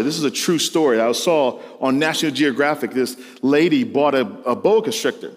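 Preaching man with a ringing hall echo. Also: on the high side. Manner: storytelling, emphatic, rising to exclamations. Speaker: pastor. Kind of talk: sermon to students.

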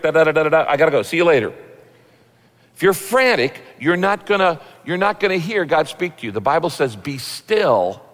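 A pastor preaching a sermon in a relaxed, folksy, conversational way, acting out little quotes as he goes. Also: fairly high pitch, long reverb tail.

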